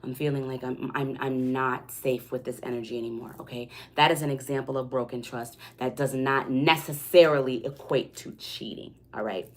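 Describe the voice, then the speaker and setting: Tarot reader, woman, low voice, chatty and reassuring, keeps checking in with listeners. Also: a bit bright. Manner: conversational, tag questions like "okay?" and "right?". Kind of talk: spiritual reading monologue.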